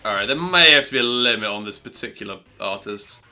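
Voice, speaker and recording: Fast and lively in intonation, a man with a lowish voice rambles casually while speedrunning a game on stream. He mocks himself, swears now and then and reacts to chat; the recording carries gameplay audio with loud music behind.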